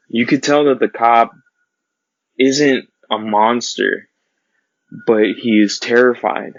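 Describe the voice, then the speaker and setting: A man giving an earnest casual film review, recounting scenes with pauses and restarts. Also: on the low side, dry recording, dull audio.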